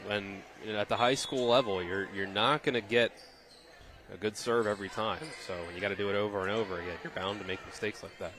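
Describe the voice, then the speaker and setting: A man giving relaxed, thoughtful color commentary on a volleyball match. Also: on the low side, fast talker, background noise. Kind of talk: sports analysis.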